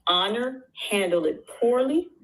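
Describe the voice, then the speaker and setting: A woman speaks in a slightly high voice, in impassioned casual talk. She is emphatic and rambling, repeating phrases over and over and restarting her sentences as she goes. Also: expressive, unhurried, fairly bright tone, low-quality recording. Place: out at dinner with supporters.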